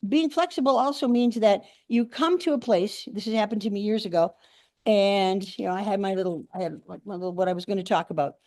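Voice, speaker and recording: Her medium-pitched voice moves fairly quickly as this older woman gives a comic speech at a speaking club held in a meeting room. She's a lively storyteller who plays out the quotes she recounts. The audio is clean, studio-like, and free of echo.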